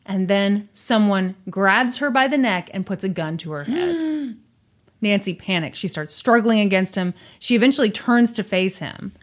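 A woman hosting a podcast, retelling a true crime story in casual chat with animated, sarcastic asides. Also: mid-range voice, unhurried.

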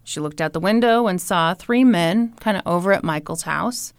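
A woman's voice: lowish voice, normal speed, smooth, no echo, clean studio sound. A woman from Kansas City co-hosting a podcast, telling a story in casual chat, joking and quoting people in playful voices. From Kansas City, Missouri. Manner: animated, jokey, quotes people in playful voices. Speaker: podcast co-host.

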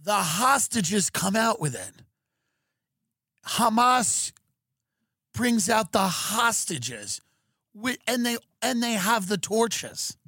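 A man hosting a podcast, animated and excitable, riffing through a comic rant with many restarts. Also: high voice, slow, vocal fry, long pauses, breathy edge, no echo, clean studio sound. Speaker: comedian podcast host.

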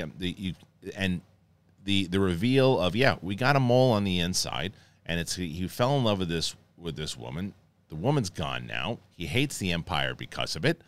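A man gives a casual spoiler review in a fairly low voice. He talks excitably and rambles, often restarting his sentences. The recording sounds close and dry. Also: no room sound. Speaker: host reviewing a TV episode.

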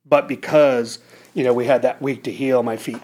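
A man's voice: mid-range voice, steady tone, normal speed, a little mellow. A man in his fifties from the United States, a former Navy SEAL officer, telling his story in an earnest, reflective way with frequent restarts. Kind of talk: casual conversational storytelling.

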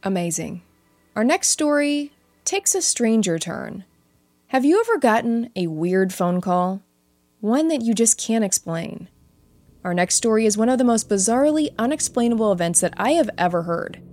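A woman's voice: fairly high pitch, animated, moderate pace, a little mellow, no room sound. Woman narrating listener ghost stories. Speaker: host and narrator. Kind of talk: reading listener stories aloud.

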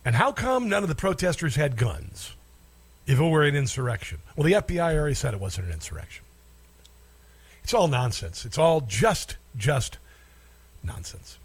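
A man's voice: on the high side, big pitch swings, moderate pace, breathy edge. A man hosting a political talk show, speaking in a sarcastic, scornful way and cutting in on played clips. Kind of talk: combative commentary over clips.

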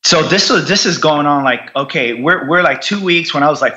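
A man's voice: mid-range voice, moderate pace, bright, forceful tone, highs cut off. A man who served in war, telling his recovery story bluntly, swearing constantly and repeating himself for emphasis. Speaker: military veteran guest. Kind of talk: candid conversational storytelling.

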